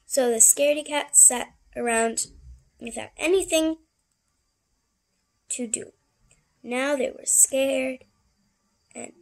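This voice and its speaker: A woman reading a children's picture book aloud, expressive and unhurried, with asides to listeners. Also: on the high side, vocal fry. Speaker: storybook reader.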